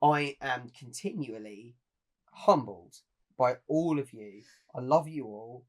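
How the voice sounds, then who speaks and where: A young man co-hosting a podcast, talking in an earnest, rambling way and circling back on his words. His voice sits at an ordinary middle pitch for a man. He sounds like a relaxed, off-the-cuff chat. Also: slow. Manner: earnest, rambling, with many restarts. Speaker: podcast co-host. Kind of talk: casual chat.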